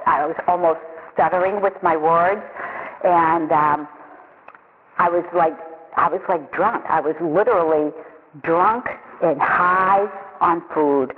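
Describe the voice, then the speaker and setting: Woman sharing a halting recovery testimony. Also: lowish voice. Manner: halting, repeats words, confessional. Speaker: recovery program member sharing her story. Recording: tinny phone-line sound with long echo.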